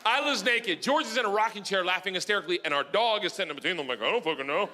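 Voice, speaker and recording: A middle-aged man doing a stand-up comedy set, telling stories loudly with shouted punchlines. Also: high voice, very fast. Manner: loud, animated storytelling with shouted punchlines. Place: comedy club stage. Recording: noisy live club recording. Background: audience laughter.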